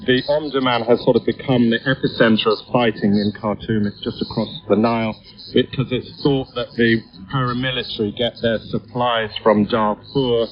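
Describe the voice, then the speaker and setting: A man, a regional editor, explaining events on radio news with frequent hesitations. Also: lowish voice. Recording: muffled shortwave radio broadcast.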